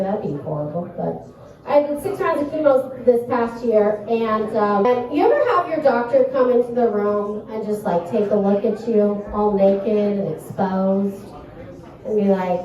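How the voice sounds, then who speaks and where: A woman doing a stand-up comedy set, rambling and self-deprecating, with a halting storytelling manner. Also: mid-range voice, a little mellow. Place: small comedy club stage. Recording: echoey club heard from a distance.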